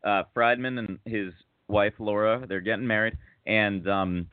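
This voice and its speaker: Male host, rambling anecdote style, mid-pitched, dry tinny line. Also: steady tone, measured pace, smooth, no echo. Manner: rambling, self-mocking, many fillers and restarts. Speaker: podcast host. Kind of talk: casual storytelling chat. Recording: tinny phone-like sound.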